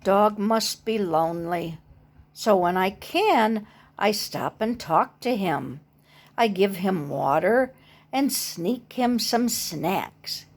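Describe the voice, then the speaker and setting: Picture-book reader: a gentle woman, very slow, mid-pitched. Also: lively intonation. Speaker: storybook reader. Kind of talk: reading a picture book aloud with comments.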